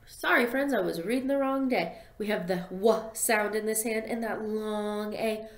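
A young woman teaching a phonics lesson to small children, sounding out letters slowly and in a sing-song way. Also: medium pitch, steady tone. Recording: echoey room.

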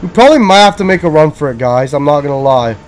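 A man giving casual, excitable gaming commentary, swearing and frantically repeating himself as the action heats up. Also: on the high side, quick pace, a little hiss or hum. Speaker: gameplay commentator.

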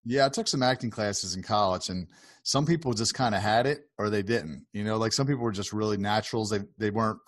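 Man, fairly low voice, relaxed interviewer, dry close sound. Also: a little fast, no room sound. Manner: relaxed, encouraging listener. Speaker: podcast host. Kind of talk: casual interview.

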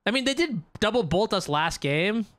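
A young adult card game player thinking aloud during a match, swearing often in frustration between calmer planning. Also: mid-range voice, moderate pace. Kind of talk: live gameplay commentary, thinking aloud.

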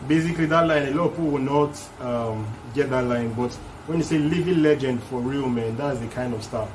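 A man's voice: mid-range voice, a little fast, background noise. A man hosting a music reaction video, casually explaining rap lines one by one in a loose, chatty way.

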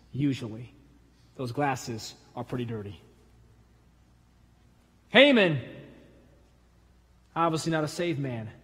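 A man's voice: fairly high pitch, a bit bright. A man preaching a sermon as pastor, emphatic, with punchy repeated phrases that rise. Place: church sanctuary. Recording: long church reverb.

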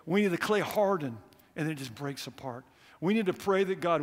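A middle-aged man preaching a sermon as a visiting missionary, telling stories in an animated, earnest way. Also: a little high, normal speed. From United States. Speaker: missionary speaker. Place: church hall. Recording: echoey church hall.

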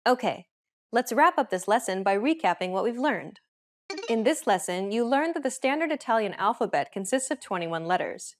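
A woman hosting a beginner language lesson, giving clear, steady scripted explanations. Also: mid-range voice, normal speed.

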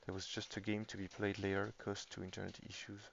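A man's voice: on the low side, completely flat delivery, fast, creaky, slight background noise. A man giving casual live-stream commentary on a tabletop game, thinking aloud as he reads the game state. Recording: dull lo-fi stream audio.

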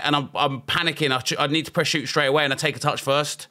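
A young man talks through his own football match as he plays, in loose, casual commentary. His voice has a bright, forceful edge, and he swings between excited cheers and frustrated muttering at his own mistakes. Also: a little high, fast talker, hardly any pauses. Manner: excitable, frustrated outbursts, self-talk while playing. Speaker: video game streamer.

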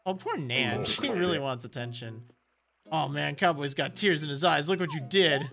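A man's voice: a little high, animated, moderate pace, gravelly. Chatty man streaming a game. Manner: chatty, laughs often, talks to the game characters. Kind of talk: casual gameplay commentary. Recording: game music playing loud. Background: game music.

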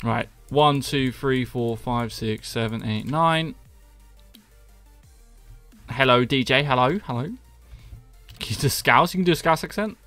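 A man's voice: mid-range voice, measured pace, long pauses, a bit bright, soft background music. A man from the UK, chatting casually and self-mockingly with viewers on a live stream. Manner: joking, self-mocking, reads chat aloud. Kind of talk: casual chat with viewers while gaming.

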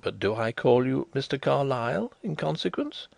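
A man voicing a calm, genial blind gentleman detective who speaks suavely and placidly in an audiobook. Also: mid-range voice, normal speed, vocal fry, no room sound, pitched above the performer's own voice.

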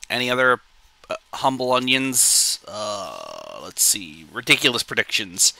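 A man's voice: lowish voice, big pitch swings, slow pace, vocal fry, pauses often, bright, forceful tone, dry recording. A male streamer joking around on a live reaction stream, rambling with goofy asides.

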